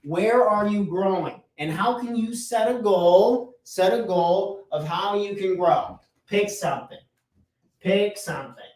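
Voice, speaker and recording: High-voiced man coaching from a distance. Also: slow, few pauses. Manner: energetic, repeats key phrases for emphasis. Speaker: business coach and podcast host. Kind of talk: motivational talk at a chalkboard. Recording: roomy echo, voice off-mic.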